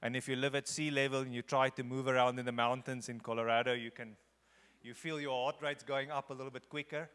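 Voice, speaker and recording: A man's voice: mid-range voice, little pitch movement, brisk, a bit bright, smooth. A man from Africa, a visiting guest speaker in a large church, talking conversationally and earnestly, often repeating phrases for emphasis. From South Africa. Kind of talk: conversational church talk leading into a sermon. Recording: echoey church hall.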